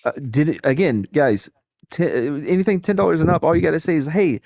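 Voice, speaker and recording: A man's voice: a little high, fairly quick, gravelly, no echo, clean studio sound. A man hosting a livestream, chatting casually with friends, joking and swearing. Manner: animated, profane, joking. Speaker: streamer host. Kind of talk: casual group chat on a livestream.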